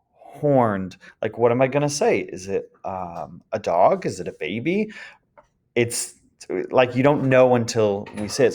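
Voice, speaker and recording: A man teaching a recorded grammar lesson to his students, relaxed and full of ums, slipping in short words of the language he teaches. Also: medium pitch. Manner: relaxed, frequent ums, chants the word list rhythmically. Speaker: French teacher.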